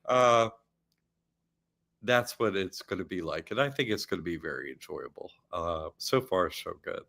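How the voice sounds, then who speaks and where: A man's voice: deep voice, lively intonation, normal speed, creaky, fairly bright tone. A man hosting an online academy show, chatting casually and rambling, often laughing. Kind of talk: casual chat.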